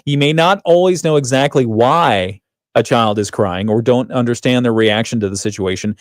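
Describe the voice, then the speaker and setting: A man's voice: medium pitch, normal speed, no echo. A man hosting a radio morning show, chatting and laughing often as he reads out headlines in a studio. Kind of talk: casual radio banter. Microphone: studio microphone.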